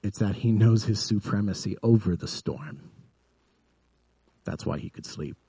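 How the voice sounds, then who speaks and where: A man preaching a sermon in an earnest way, building up to vivid emphasis and then dropping soft. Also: fairly low pitch, a little slow, gravelly, breathy edge, no room sound. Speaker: pastor.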